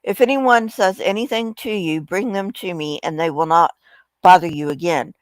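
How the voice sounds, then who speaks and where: A woman reading aloud the brief replies of an ancient king, keeping her own lowish voice. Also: normal speed, no room sound, lightly acted. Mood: stern. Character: ancient king, commanding man.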